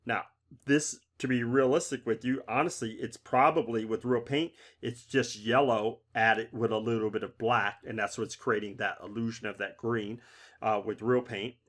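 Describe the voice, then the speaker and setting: A man's voice: medium pitch, steady tone, normal speed, fairly bright tone. A middle-aged man giving a casual art lesson on color, talking conversationally and often checking in with "right?". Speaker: art instructor.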